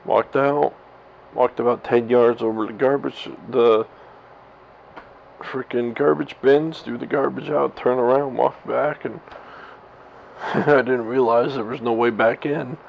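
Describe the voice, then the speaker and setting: In this candid home vlog monologue, a man in his thirties addresses his camera directly, wandering through a story with swearing and self-directed laughter. He has a gravelly mid-range voice, steady in tone and unhurried. Audio from the camera mic is slightly dull and lo-fi, with faint hiss.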